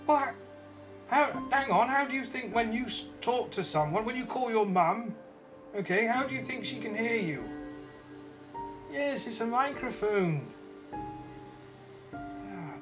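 Male podcast host, high-ish voice, deadpan and flustered, phone mic, music bed. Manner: deadpan, mock-serious, flustered in asides. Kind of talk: deadpan comic monologue. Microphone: phone microphone.

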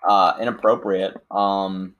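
A man's voice: sits low, flat delivery, slow, fairly bright tone, lo-fi sound. A man teasing his friends in a casual chat while gaming, laughing often.

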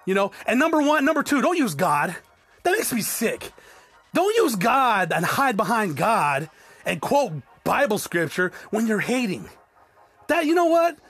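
A man's voice: sits high, big pitch swings, measured pace, fairly bright tone, slightly rough. A man hosting a podcast, ranting bluntly with constant swearing and stammered repeats. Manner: blunt, swearing often, repeats words when worked up. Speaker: podcast host. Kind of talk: profane ranting monologue.

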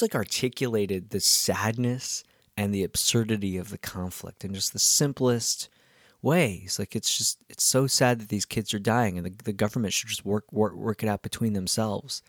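A man's voice: on the low side, dry recording, studio quality. A man who hosts a podcast, telling stories from his week in a rambling casual way, with many ums and restarts. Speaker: podcast host and musician. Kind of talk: casual storytelling monologue.

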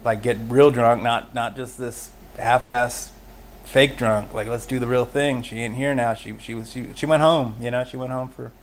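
A man's voice: medium pitch, steady tone, moderate pace, slight background noise. Candid man telling his recovery story. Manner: candid, emotional, laughs often while telling. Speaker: podcast guest. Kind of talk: personal recovery story in conversation.

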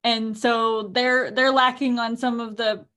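A woman's voice: on the high side, little pitch movement, a little slow, bright, forceful tone. Chatty woman co-host, fillers galore. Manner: chatty, rambling, many fillers. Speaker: podcast co-host, author. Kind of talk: casual chat.

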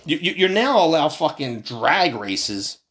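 A man's voice: very animated, a little slow, a bit bright. Profane fired-up male ranter. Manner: profane, fired-up and passionate, voice jumping high then dropping low. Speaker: commentator. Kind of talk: heated political rant.

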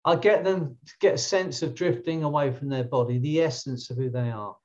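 A man's voice: medium pitch, fairly quick, darkish tone. Chatty English man, lo-fi sound. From England. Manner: storytelling, chatty, many restarts. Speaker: coach and trainer. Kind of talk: casual podcast chat.

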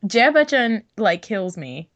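A woman's voice: mid-range voice, very animated, slow, muffled recording. A young woman co-hosting a podcast in casual chat, giggly and full of fillers. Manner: chatty and giggly, many fillers. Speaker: podcast co-host.

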